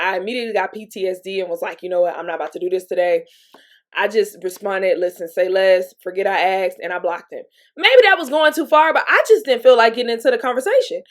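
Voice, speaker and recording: Woman, Southern US accent, casual storytelling, candid, chatty, laughs often, a little sniffly, middle pitch. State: sniffly from allergies. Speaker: vlogger.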